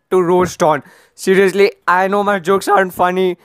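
Sarcastic man roasting clips, smooth voice. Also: high voice, fairly even intonation, normal speed, a bit bright, no room sound, studio quality. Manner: sarcastic, rambling, exasperated pleading. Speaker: YouTuber roasting video clips. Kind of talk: comedic roast commentary.

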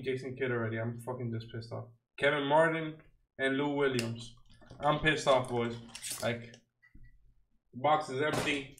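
During a casual unboxing chat on stream, a young man rips trading card packs, using slang and feigning outrage at the cards for laughs. His mid-range voice is a bit bright, heard in a rough, roomy recording with a little hiss or hum.

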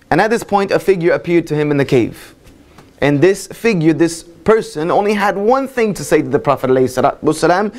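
A man's voice: fairly high pitch, animated, fast. A man with a Southern American accent giving a sermon-style lecture as a guest speaker at a mosque. He speaks with emphasis, building through repeated phrases and rhetorical questions.

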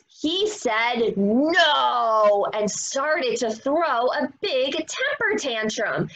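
A woman teacher reading a story aloud to young children, animated and expressive. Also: sits high, rough recording. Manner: animated, expressive, gasping for effect.

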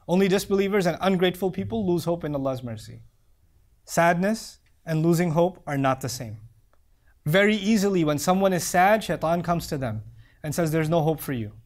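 A middle-aged male preacher gives an earnest, heartfelt sermon, reciting Arabic verses quickly and sinking into soft, low tones.

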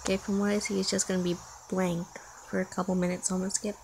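A woman's voice: medium pitch, level tone, fast talker, vocal fry, darkish tone, a little hiss or hum. A woman commentating a reaction video in a casual way, jittery and easily frightened, talking herself through it.

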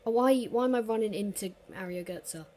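A woman casually commentating her own football video game. She swears freely, mutters under her breath, and erupts into shouts at big plays. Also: medium pitch, fairly quick. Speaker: gaming commentator.

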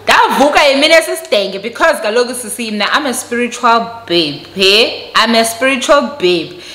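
South African woman, vlogger, storytime, animated, mixes Xhosa and English, bright voice, echoey room. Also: fairly high pitch, moderate pace. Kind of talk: storytime vlog.

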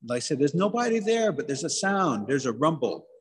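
A man tells a traditional folktale aloud, building it with rhythmic, repeated phrases. His voice is husky and sits fairly high. It rings with a long reverb, as in a hall. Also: sing-song, fairly quick. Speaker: storyteller, museum director. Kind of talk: oral folktale telling.

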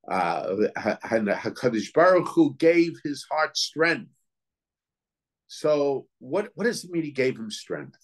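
A man with a medium-pitched voice teaches as a rabbi in a Torah lecture. He reasons out loud and poses questions, frequently pausing to hunt for words and starting over.

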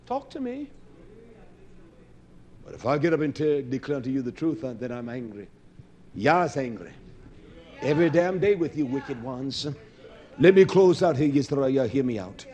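A male preacher giving a sermon, impassioned, swinging between loud declaiming and low muttering. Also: big pitch swings, a little slow, pauses often.

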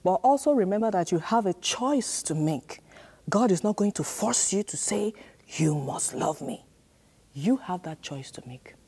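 A woman's voice: mid-range voice, animated, moderate pace, mellow, husky. A woman teaching a children's church sermon, repeating key lines and prompting the children to answer and repeat after her. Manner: repetitive, emphatic, call-and-response prompts.

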